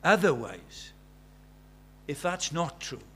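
A man's voice: a little high, very animated, slow pace, a bit bright, slight background noise. A man preaching a sermon, emphatic, repeating key phrases and asking the listeners rhetorical questions.

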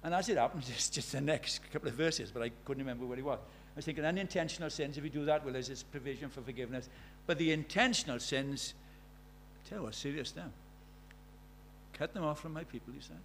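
A man with a South Welsh accent preaching a sermon, earnest, moving from loud emphasis to hushed storytelling. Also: mid-range voice, fast talker, slight background noise. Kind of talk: sermon with personal stories.

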